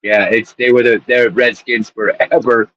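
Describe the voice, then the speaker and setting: A man's voice: mid-range voice, level tone, normal speed, no echo, muffled recording. A man co-hosting a casual sports chat show, rambling and laughing as he tells stories. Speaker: co-host.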